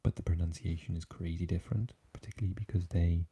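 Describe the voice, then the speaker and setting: A South Welsh man hosts an ASMR livestream in a very low, dark voice, half whispered and soft. His tone is breathy and husky, never crisp. He chats easily through viewer comments. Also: steady tone, fast talker. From South Wales.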